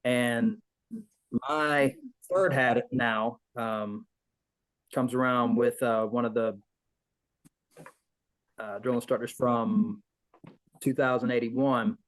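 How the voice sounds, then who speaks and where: A man's voice: mid-range voice, steady tone, slow pace, long pauses, low-quality recording. A man, a veteran, telling a rambling story in an interview, acting out the voices of people he quotes. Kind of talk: casual storytelling.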